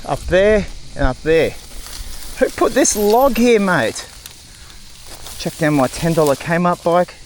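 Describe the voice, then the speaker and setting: An Australian man with a fairly high voice talks as he rides a rough bush trail, throwing out exclamations and chatting to himself and his viewers. Outdoor noise from the ride sits clearly under his voice, and the sound comes from a camera mic. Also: lively intonation, slow, long pauses. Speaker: cycling vlogger. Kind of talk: casual narration while riding.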